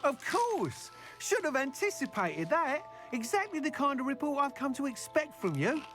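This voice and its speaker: An actor playing a cheerful middle-aged broom-maker who tests flying brooms, in video game dialogue. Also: male voice, extremely high pitch, normal speed, exaggerated voice. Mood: eager. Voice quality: lively, eager. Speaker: game character. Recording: game audio with soft music behind.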